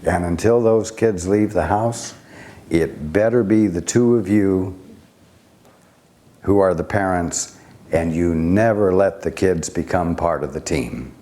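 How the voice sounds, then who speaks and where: Male spiritual teacher, deep and unhurried, measured delivery with long pauses. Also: warm tone. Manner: slow, deliberate, with long pauses and rhetorical questions.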